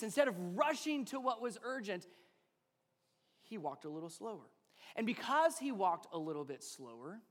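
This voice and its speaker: Pastor guy in his 30s preaching, highish voice, big echoey church hall, gets lively then goes soft and slow. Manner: animated storytelling, dropping to soft slow emphasis. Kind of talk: sermon. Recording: long hall reverb.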